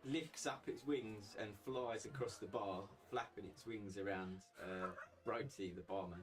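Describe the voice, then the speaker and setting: A man narrating as dungeon master in relaxed, casual tones over a video call. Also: on the low side, measured pace, recorded from a distance. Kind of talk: narrating a tabletop game. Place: home room on video call.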